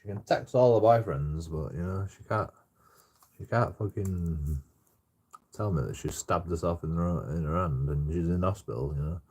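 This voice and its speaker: Man, low and husky, loose rambling storyteller who swears constantly and leans on fillers. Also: moderate pace, darkish tone. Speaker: storyteller recounting his own troubles. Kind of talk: casual rambling monologue.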